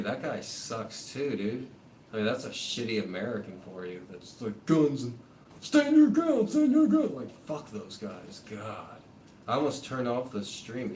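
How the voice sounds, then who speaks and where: A man hosting a live stream, ranting in a loose, rambling way full of fillers and swearing. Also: lowish voice. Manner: rambling, profane, heavy on fillers. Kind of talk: casual rambling rant. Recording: echoey room, voice far from mic, faint noise.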